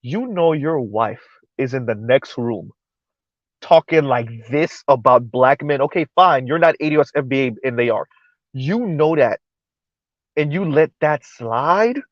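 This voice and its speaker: A man hosting a live-stream commentary show, talking in an animated, incredulous way, repeating words and restarting sentences. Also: medium pitch, a little slow, dry recording, highs cut off.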